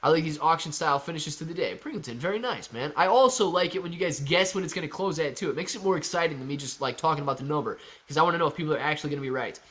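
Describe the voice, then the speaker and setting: Excitable male livestream host. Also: fairly high pitch, rapid-fire, few pauses. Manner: excited, calls out prices like an auctioneer. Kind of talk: live stock-market chat reading viewer comments.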